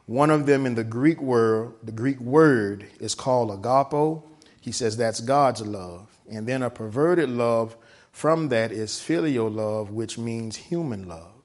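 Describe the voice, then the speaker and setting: A man with a medium-pitched voice preaches at a slightly slow pace, reading a passage and interpreting it. He pauses frequently to ask "right?", lengthens key words, and alternates between hushed and loud tones.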